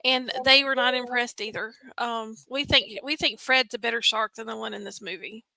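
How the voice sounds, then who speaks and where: A woman co-hosting a casual podcast, wry and quick to giggle. Her voice is bright and a bit high. The sound is dry and close. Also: steady tone, gravelly, no echo, poor audio. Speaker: podcast co-host. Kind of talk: casual movie review chat.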